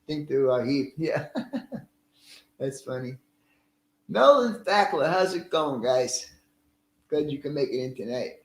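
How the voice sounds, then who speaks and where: A man's voice: fairly high pitch, darkish tone, echoey room, rough recording. A middle-aged man casually hosting a live stream, greeting viewers by name in a friendly, chatty way and laughing easily.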